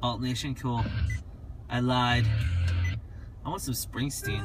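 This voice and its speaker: A man livestreams from a parked car with his phone in hand, rambling, joking with viewers, and singing snatches of songs in casual live chat. Music plays in the background. His medium-pitched voice stays steady, and he talks slowly with frequent pauses.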